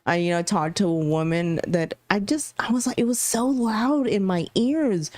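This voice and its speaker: A woman's voice: mid-range voice, moderate pace, darkish tone, dry recording. Candid woman telling stories, dry sound. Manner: storytelling, candid, laughs often. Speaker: podcast co-host. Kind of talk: casual chat.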